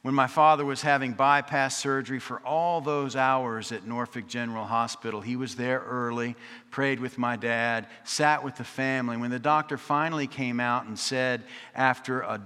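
A preacher tells stories in his sermon using a bright, clear, mid-range voice at normal speed with fairly even intonation. He mixes in wry, chatty asides and rhythmic repetition, and a long reverb fills the recording like a large church sanctuary.

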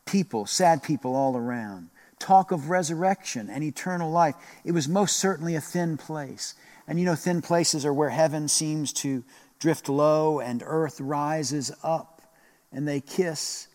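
A man preaching a sermon in a slow, reflective way, repeating phrases and pausing often. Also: a little high, darkish tone, in a large hall. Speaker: pastor.

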